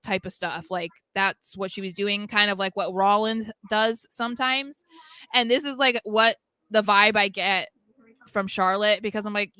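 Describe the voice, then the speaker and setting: Young woman, podcast co-host, chatty recap voice: bright and crisp, close and dry. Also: medium pitch, steady tone, moderate pace, no echo. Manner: chatty, full of fillers, acts out quotes. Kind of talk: casual wrestling recap chat.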